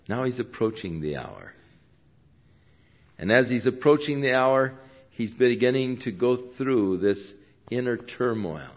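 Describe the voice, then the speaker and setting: A man preaching a sermon, reading and explaining scripture, swinging from hushed to loud. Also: mid-range voice, lively intonation, a little slow, muffled recording.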